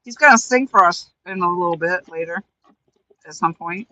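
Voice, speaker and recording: A woman's voice: lowish voice, normal speed, sharp tone, rough recording. A woman hosting a live stream, chatting casually with viewers and friends and laughing often. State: talking with a mouth full of cookies.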